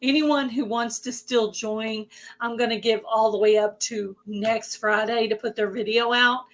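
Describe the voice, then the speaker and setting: Hoarse Southern woman hosting a livestream. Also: on the high side, level tone, a little slow. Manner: chatty, greets viewers by name. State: hoarse, losing her voice. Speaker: host of a livestream. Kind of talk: casual livestream chat.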